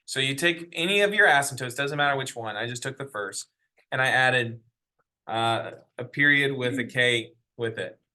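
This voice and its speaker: A man teaching math in a classroom, with a bright, forward voice at an ordinary middle pitch. He explains step by step and breaks off to ask the class questions. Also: lively intonation, moderate pace. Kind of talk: classroom lecture.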